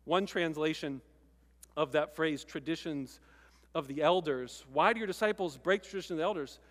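High-voiced man preaching in a reverberant hall. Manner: conversational preaching, emphatic with pauses. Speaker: pastor. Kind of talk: sermon.

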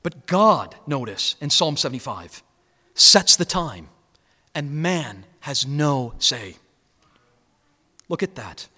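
A man's voice: on the high side, sing-song, a little slow, bright, forceful tone, in a large hall. A man preaching a sermon as a guest preacher, emphatic and earnest.

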